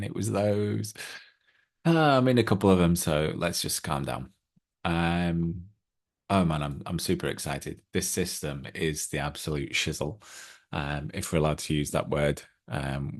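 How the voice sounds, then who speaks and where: A middle-aged man hosting a crypto trading channel, chatting casually through charts with lots of ums and excited asides. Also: deep voice, creaky.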